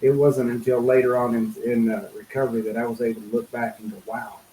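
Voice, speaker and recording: A middle-aged man speaking as a guest in an interview, telling a personal story in an earnest, halting way, full of fillers and restarts. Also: mid-range voice, level tone, mellow, echoey room, a little hiss or hum, rough recording.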